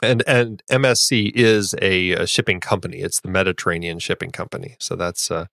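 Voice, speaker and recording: A man co-hosting a podcast, talking through film details in a relaxed, thoughtful, hesitant way. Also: deep voice, fairly quick, gravelly, no echo, studio quality. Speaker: podcast co-host. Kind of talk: casual film discussion.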